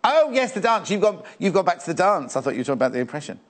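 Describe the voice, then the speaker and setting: A man's voice: sits high, big pitch swings, racing. A middle-aged man presenting on a live shopping channel, chatting playfully with many stumbling restarts. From England. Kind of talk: live TV sales chat.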